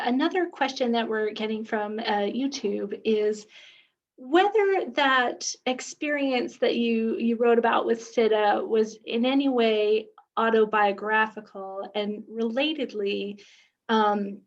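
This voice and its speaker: Polite woman moderator, dull call audio. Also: fairly high pitch. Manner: polite, hesitant with fillers. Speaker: event moderator. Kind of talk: moderating audience questions. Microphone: video call.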